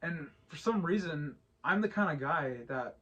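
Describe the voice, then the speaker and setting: A man's voice: a little high, lively intonation, normal speed, a bit bright, highs cut off. A man in his thirties co-hosting a casual podcast chat, rambling with lots of restarts and repeated words. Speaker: podcast co-host.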